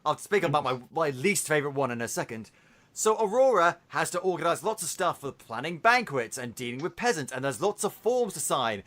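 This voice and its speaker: A man hosting a podcast, retelling a film in a casual, animated way with swearing. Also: on the high side, brisk. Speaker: podcast host.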